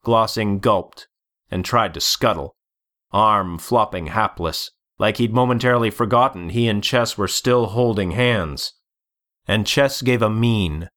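A man reading a story aloud as narrator, deliberate and measured. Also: on the low side, a bit bright. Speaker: audiobook narrator. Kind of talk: scripted narration.

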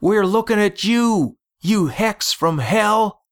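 Guy putting on a high yelling townsman, all indignant. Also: animated, takes it slowly. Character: townsman yelling at a feared outlaw.

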